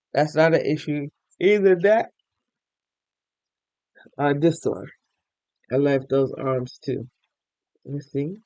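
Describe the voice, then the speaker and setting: A tired, yawning man hosting a crochet and knitting podcast, chatting casually as he shows his items to viewers and thinks out loud. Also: a little high, no echo. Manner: chatty, thinks aloud, addresses viewers directly. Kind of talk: casual show-and-tell chat.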